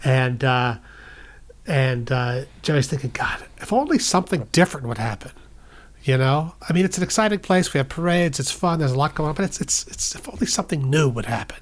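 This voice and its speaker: A man with a middle-range voice tells an improvised bedtime story. He is playful and loose, jumps up in pitch to act out the characters' lines, and then settles back into easy narration. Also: a little fast. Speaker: storyteller, guest podcast host.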